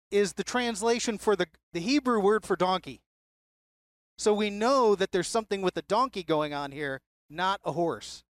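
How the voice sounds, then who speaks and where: A Bible teacher leading a class in a conversational way, posing rhetorical questions and jumping up in pitch to stress points. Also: no room sound, studio quality.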